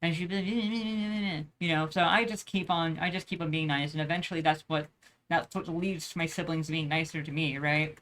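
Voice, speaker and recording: A woman's voice: sits low, steady tone, a little fast, fairly bright tone. A young woman telling a rambling personal story in a casual vlog, swearing often and using plenty of slang and filler words. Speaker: vlogger.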